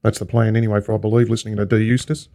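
A man's voice: on the low side, level tone, racing, gravelly, warm tone. An Australian man chatting on a racing podcast, rambling and repeating himself as he tells stories. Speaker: podcast co-host. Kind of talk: casual storytelling chat.

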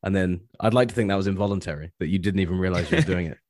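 A man's voice: low-pitched, rapid-fire, darkish tone, no echo, studio quality. A man co-hosting a podcast in casual chat, joking and mocking himself, often laughing. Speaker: podcast co-host.

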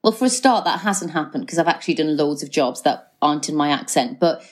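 A woman's voice: low-pitched, lively intonation, brisk. A middle-aged woman with a Geordie accent, chatting as a guest on a podcast, full of fillers and restarts. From North East England. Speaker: actress guest. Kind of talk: casual chat.

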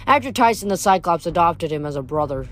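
A woman's voice: fairly low pitch, animated, a bit bright, soft background music. Woman reading a novel aloud, chatty asides. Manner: chatty, musing, halting asides. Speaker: reader. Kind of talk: casual book reading with commentary.

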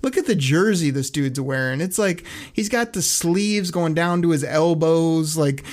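A man's voice: fairly high pitch, a little slow. Ranting sarcastic man talking football. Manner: animated, sarcastic ranting with frequent laughs. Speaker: sports podcast co-host. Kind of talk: casual sports talk rant.

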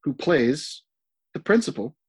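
Husky-voiced man griping on a podcast. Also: a little high, sing-song. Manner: halting, repeats words, dry complaints. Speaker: podcast co-host. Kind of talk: casual movie discussion.

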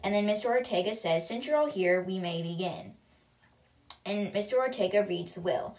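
A woman hosting a book podcast talks through the story in a relaxed, chatty way, dropping fillers as she goes. Her voice sits at an ordinary middle pitch, and she reads the book's passages aloud without changing her voice much. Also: moderate pace. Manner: chatty retelling, filler words, reads quotes in her own voice. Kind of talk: casual book recap with read-aloud passages.

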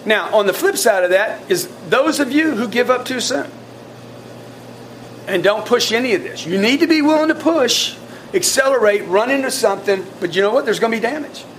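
A high-pitched man gives his sales team a blunt talk in a meeting room, fired up and stumbling over restarts. A faint hiss of room noise sits under his voice. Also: moderate pace. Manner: blunt, animated, repetitive restarts. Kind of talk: coaching talk to staff.

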